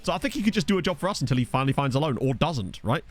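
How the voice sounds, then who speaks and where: Lively chatty man commentating a game. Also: medium pitch, soft background music. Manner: chatty, joking, reacts with quick exclamations. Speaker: gaming video host. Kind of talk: casual gameplay commentary. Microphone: desk USB microphone.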